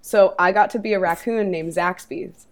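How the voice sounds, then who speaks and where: A woman chatting casually with friends, telling a story in a relaxed, rambling way with many ums. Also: lowish voice, normal speed. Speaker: podcast co-host. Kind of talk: casual group chat.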